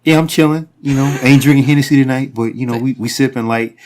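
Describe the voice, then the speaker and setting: A man's voice: medium pitch, flat delivery, fast talker, darkish tone. A man co-hosting a casual podcast, swearing freely and making mock threats at his friends. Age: older than his co-hosts. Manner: profane, mock-threatening joker. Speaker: podcast co-host.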